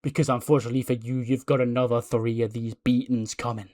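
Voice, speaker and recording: A man voicing a male cult-leader wrestler who speaks in a drawn-out, sermon-like, menacing way. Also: mid-range voice, little pitch movement, darkish tone, lightly acted.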